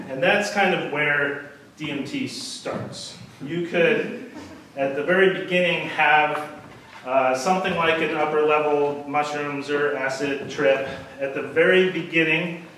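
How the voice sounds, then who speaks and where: At a storytelling event, a man gives an unprepared, rambling talk to a crowd, packed with fillers and self-deprecating asides. His voice is on the high side and a bit bright, recorded from far off in an echoey hall with noise.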